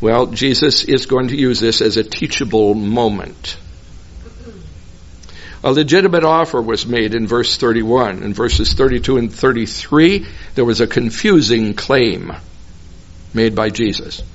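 This is expository Bible teaching from a man whose voice falls in the mid-range. His explanations come slow and deliberate, he sings tonal words from another language, and the recording has a dull, lo-fi quality.

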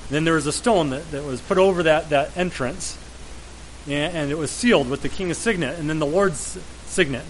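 A man's voice: high voice, a bit bright, slight background noise, low-quality recording. A man preaching a sermon, retelling a scripture story in a storytelling way and repeating words as he goes.

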